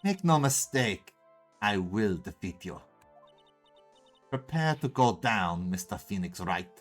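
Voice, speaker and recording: A man's voice: on the low side, big pitch swings, unhurried, a bit bright, faint music behind, voice pushed down, full character voice. A man voicing a haughty young female prosecutor in a game playthrough, with a put-on German accent that comes and goes. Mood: haughty menacing. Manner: cold, threatening. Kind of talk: game voice-over let's play.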